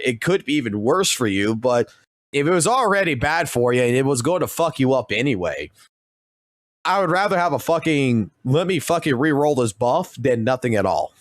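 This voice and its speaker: A man's voice: mid-range voice, dry recording, clean studio sound. A man streaming games, ranting heatedly in casual commentary and swearing constantly. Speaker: gaming streamer.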